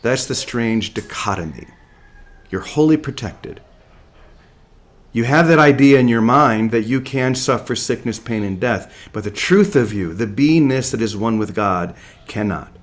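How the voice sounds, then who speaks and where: A man from Oregon giving a slow, deliberate spiritual talk to his community and repeating key phrases. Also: mid-range voice. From Portland, Oregon, USA. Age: young adult. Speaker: spiritual teacher. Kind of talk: spiritual talk to an online group.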